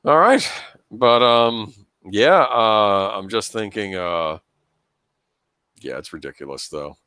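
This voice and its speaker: A man's voice: lowish voice, expressive, slow pace, pushed and bright, clear, resonant tone, dry recording. A man in casual podcast chat who talks in a reassuring way, often checking in with the listener. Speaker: podcast host.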